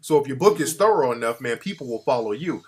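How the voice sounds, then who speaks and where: A man's voice: mid-range voice, expressive, fast, a little mellow, breathy edge. A man hosting a call-in show, talking in a brash, teasing, profane way with callers. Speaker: host. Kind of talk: casual call-in chat.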